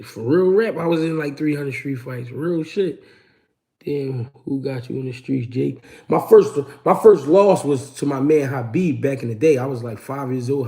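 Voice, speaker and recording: A man's voice: mid-range voice, gravelly, dark tone. A man hosting a casual livestream, answering chat questions and telling street stories in a slangy, laid-back way. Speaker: host.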